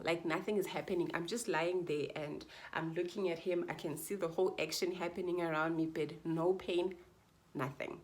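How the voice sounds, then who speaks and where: A young woman vlogger telling her birth story to camera in a chatty, heartfelt way, repeating phrases for emphasis. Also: lowish voice. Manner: chatty and heartfelt, often addresses viewers as guys.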